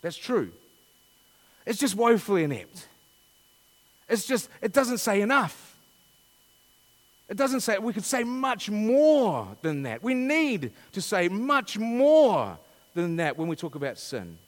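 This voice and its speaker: A man's voice: sits high, sing-song, slow pace, long pauses, in a large hall. A man preaching a sermon, asking rhetorical questions and reading scripture dramatically.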